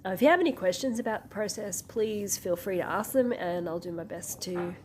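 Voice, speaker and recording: A woman's voice: mid-range voice, animated, a little fast, a little hiss or hum. A woman travel vlogger with a sick-sounding voice, giving practical, wry explanations. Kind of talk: informative travel vlog.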